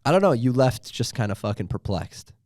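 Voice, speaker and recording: A young man co-hosting a podcast in casual chat, throwing in quick jokes and short agreeing replies. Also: mid-range voice, sing-song, a little mellow, no echo, studio quality. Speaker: podcast co-host.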